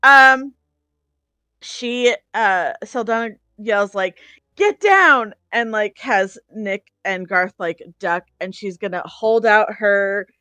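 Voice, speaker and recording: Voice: mid-range voice, fairly even intonation, takes it slowly, pushed and bright, smooth, no room sound. A player in a tabletop game, rambling and giggly while describing a move. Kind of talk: casual tabletop game chat.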